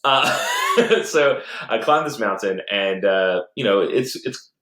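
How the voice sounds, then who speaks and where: A man's voice: on the low side, animated, slow, sharp tone. A man co-hosting a casual podcast, telling a long gaming story with lots of fillers, restarts and laughter. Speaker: podcast co-host. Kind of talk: casual chat about games and movies. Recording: roomy echoey home recording.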